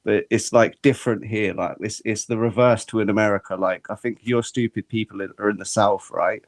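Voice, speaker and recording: A man's voice: on the low side, fairly even intonation, brisk, no room sound. A man from the United Kingdom with a British accent, co-hosting a casual podcast and teasing the others in a dry way.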